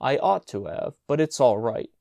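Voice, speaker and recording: A man's voice: mid-range voice, animated, moderate pace, gravelly, dark tone, dry recording, studio quality. A man playing a soothing easygoing chaplain. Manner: soothing, reasonable.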